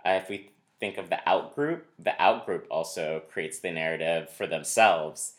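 A man's voice: sits low, moderate pace, fairly bright tone. A man co-hosting a casual podcast chat, talking in a rambling, digressive way. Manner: rambling, digressive, many fillers and restarts. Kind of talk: casual conversation.

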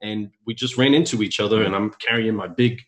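A man, a guest on a podcast, telling a story in a relaxed, conversational way. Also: on the low side, brisk. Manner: relaxed, storytelling with quoted dialogue. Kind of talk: casual storytelling.

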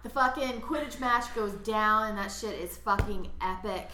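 A woman's voice: mid-range voice, moderate pace, sharp tone. A young woman casually summarizing a chapter in a loose, laid-back way. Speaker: podcast co-host. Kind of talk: casual profane chat. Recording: echoey room with faint noise.

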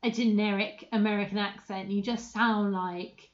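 A woman's voice: mid-range voice, fairly even intonation, normal speed. A woman co-hosting a podcast, chatting casually, laughing often and tossing out rhetorical questions. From Britain. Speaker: podcast co-host. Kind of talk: casual chat. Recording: dull lo-fi sound.

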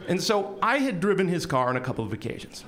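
A man telling a personal story on stage in an animated, self-deprecating way with comic timing. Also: high-pitched, fast. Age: young adult.

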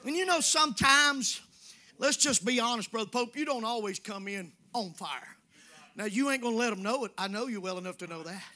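A man preaching in church, folksy and conversational, swinging from hushed asides to shouting. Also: very high voice, brisk. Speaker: pastor. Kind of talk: sermon. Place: church sanctuary.

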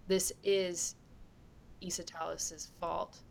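A woman's voice: fairly low pitch, level tone, slow, creaky, a little hiss or hum. A woman playing a tabletop game, arguing impassionedly in character. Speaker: player. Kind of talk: in-character tabletop role-play.

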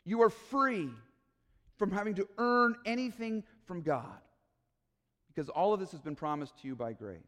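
A man's voice: high voice, animated, moderate pace, fairly bright tone, in a large hall. A man preaching a sermon in a church, earnest and pleading, building to emphatic peaks. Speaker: pastor.

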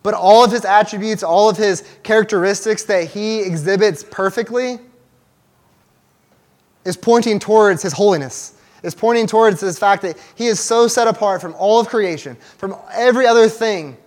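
A man's voice: high-pitched, moderate pace. A young man giving a casual, conversational sermon to a small church group, with restarts and fillers as he talks to the room. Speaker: church teacher.

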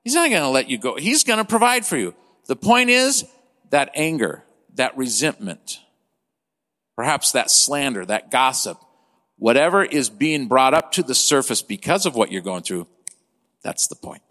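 A man in his fifties preaching a sermon as pastor, impassioned, swinging between loud and hushed delivery. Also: mid-range voice, big pitch swings, moderate pace. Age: 50s. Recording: long hall reverb.

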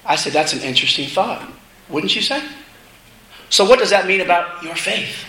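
A middle-aged man preaching a sermon, telling a family story in a casual, animated way with laughing asides. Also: high voice, normal speed. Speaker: minister. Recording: echoey room with faint noise.

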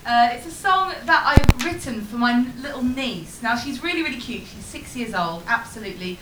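A woman talks to an audience from a stage, chatty and dry. Her voice is bright and swings widely in pitch. The room echoes and has a faint hum of noise. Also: lively intonation, moderate pace. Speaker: comedian and singer. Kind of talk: stand-up patter. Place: comedy stage with a live audience.

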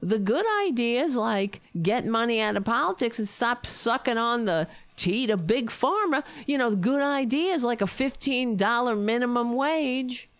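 A woman's voice: on the high side, measured pace, few pauses, clear, resonant tone, dry recording. A woman hosting a political talk show, ranting with profane, sarcastic mockery. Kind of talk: angry political commentary.

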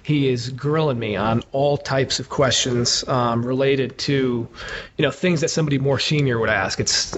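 A man's voice: mid-range voice, steady tone, normal speed. A man telling a candid story as an interview guest, casual and profane, with many fillers. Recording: muffled with clear background noise.

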